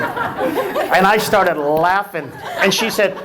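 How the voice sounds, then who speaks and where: A man with a strikingly high voice works the room as emcee at a luncheon. He teases and chats with the crowd in a loose, playful way. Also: moderate pace. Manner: playful, teasing, chatty with the audience. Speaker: event emcee. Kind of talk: lively crowd work at a luncheon.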